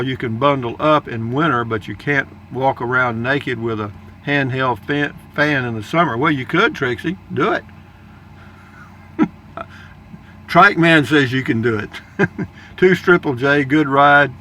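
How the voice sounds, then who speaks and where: A man's voice: mid-range voice, sharp tone, a little hiss or hum. An older man reading viewer comments aloud in a folksy, rambling casual chat. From Texas, United States. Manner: folksy, rambling, chuckling asides.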